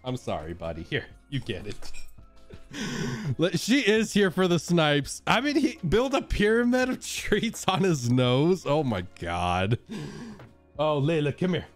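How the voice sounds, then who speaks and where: Playful, lively male streamer. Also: on the high side, a little slow, faint music behind. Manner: playful, laughs often, coaxing his dogs. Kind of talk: casual live-stream chat.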